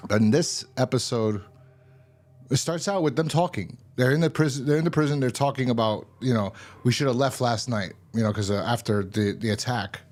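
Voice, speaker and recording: A man hosting his own show, casually recapping a TV episode in a rambling way, paraphrasing dialogue loosely and swearing now and then. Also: mid-range voice. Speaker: show host reviewing a TV episode.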